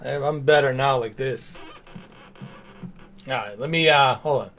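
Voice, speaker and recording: A man's voice: mid-range voice, unhurried, fairly bright tone, slight background noise. A man chatting casually on a live game stream, rambling with lots of fillers and restarts.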